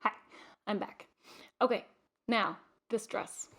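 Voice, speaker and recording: A woman's voice: medium pitch, fairly even intonation, takes it slowly, creaky, a bit bright. A young adult woman hosting her own vlog, chatting casually to camera with lots of fillers and restarts. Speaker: vlog host.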